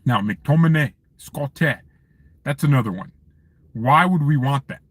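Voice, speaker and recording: Parked in his car, a man livestreams for his fan channel, chatting with viewers in an animated, joking, ranting style. His medium-pitched voice moves at a normal speed, and the recording is dry.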